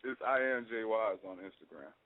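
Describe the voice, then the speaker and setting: Give me an easygoing man from Brooklyn, New York, who chuckles often. His pitch moves lively up and down. He comes through a thin, phone-like line. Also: moderate pace. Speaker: guest artist. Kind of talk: casual phone interview.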